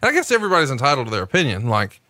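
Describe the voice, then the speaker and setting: A man's voice: mid-range voice, wildly swooping pitch, rapid-fire, bright, forceful tone, dry recording, clean studio sound. A man co-hosting a podcast in casual chat, joking, teasing and swearing freely. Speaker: podcast co-host.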